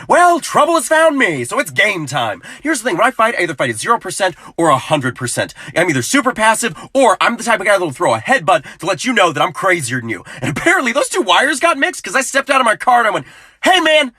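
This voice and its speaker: A man's voice: high voice, bright, forceful tone. A man in his twenties, a youth pastor, doing a hyper comedic monologue to camera and bursting into silly voices.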